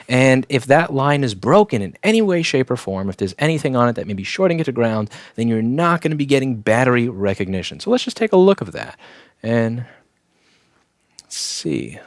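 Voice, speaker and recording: A man's voice: medium pitch, lively intonation, moderate pace, dry recording, studio quality. A man hosting a live repair stream with joking asides while he works, his throat a little sore. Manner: wisecracking, offhand asides while working. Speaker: electronics repair technician and host. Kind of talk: live repair walkthrough with chat replies.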